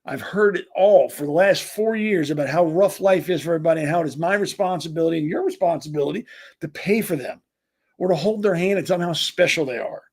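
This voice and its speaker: A man with a somewhat high, husky voice rants as a podcast host. He hammers his points again and again and often stumbles into restarts as he pushes ahead. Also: fast talker, darkish tone. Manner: emphatic, repetitive, stumbling restarts. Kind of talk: ranting political commentary.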